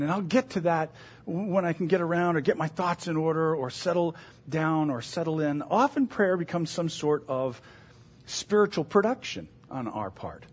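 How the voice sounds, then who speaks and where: A man's voice: high voice, breathy edge. A middle-aged man preaching a sermon as a pastor, in an earnest, conversational way with self-deprecating asides.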